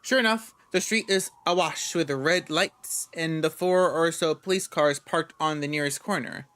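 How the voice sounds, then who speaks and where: A man's voice: on the high side, moderate pace, a bit bright, dry recording. A man reading game narration aloud casually, often stumbling and restarting words. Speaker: gamer reading a visual novel aloud.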